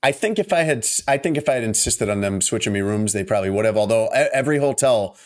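A man's voice: on the low side, lively intonation, fast talker. Easygoing man co-hosting a chat. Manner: conversational, hedging with fillers. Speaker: podcast co-host. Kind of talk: casual chat.

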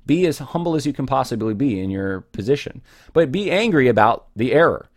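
A man's voice: mid-range voice, very animated, a little fast, no echo, studio quality. A man giving an informal Bible teaching in an earnest, conversational way, with frequent fillers and restarts.

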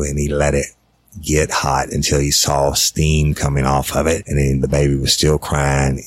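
A man's voice: rumbling low, no echo. A middle-aged man, a former detective bluntly telling a case story with profanity and acting out the dialogue. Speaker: retired detective recounting a case. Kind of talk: casual storytelling.

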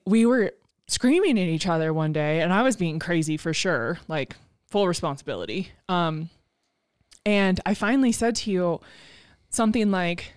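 A woman with a fairly low voice talks openly and earnestly as she hosts a podcast. Her sound is dry and close, with no room around it. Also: darkish tone, no echo. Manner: frank, earnest, storytelling about personal experience. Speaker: podcast host. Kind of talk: candid podcast conversation.

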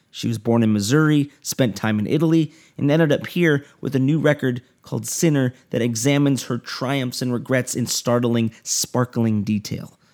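A man's voice: mid-range voice, darkish tone. A man hosting a podcast, reading a scripted introduction in a heartfelt, lyrical storytelling way with wry, self-mocking asides. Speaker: podcast host.

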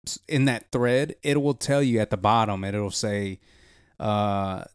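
A man's voice: lowish voice, unhurried, smooth, no echo, studio quality. A young man co-hosting a podcast in casual, profane, jokey chat. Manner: laid-back, profane, jokey. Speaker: podcast co-host.

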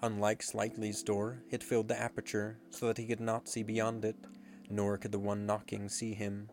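A man narrating a storybook in a measured, expressive reading. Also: lowish voice. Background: faint guitar music.

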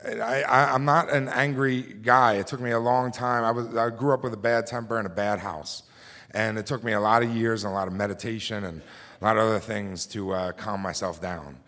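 Low-voiced man telling a live story. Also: fairly even intonation, brisk, a bit bright. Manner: conversational with frequent fillers and restarts. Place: theater stage before a live audience.

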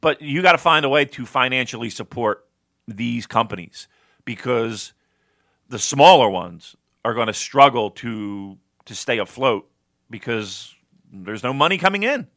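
Rambling, bright-voiced podcast man. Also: medium pitch, lively intonation, unhurried, dry recording, clean studio sound. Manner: rambling, swears, many fillers and restarts. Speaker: podcast co-host. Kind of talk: casual wrestling podcast chat.

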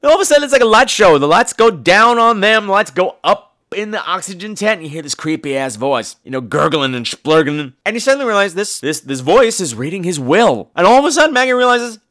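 A man's voice: high voice, very animated, brisk, hardly any pauses, fairly bright tone. A man hosting a podcast, giving a campy, gossipy recap of a horror movie and acting out the characters' lines in voices. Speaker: podcast host.

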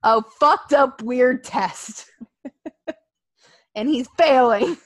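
A woman co-hosting a casual podcast, laughing often and acting out quotes in an animated way. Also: sits high, drawn-out words, no echo. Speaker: podcast co-host. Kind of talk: casual wrestling podcast chat.

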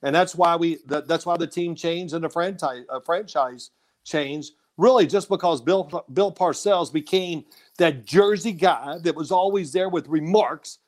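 Guy telling old football stories, slightly high voice, laughs a lot, does the voices. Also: a little slow. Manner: animated, laughing, acts out quotes. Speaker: guest, former quarterback. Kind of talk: casual phone-in storytelling.

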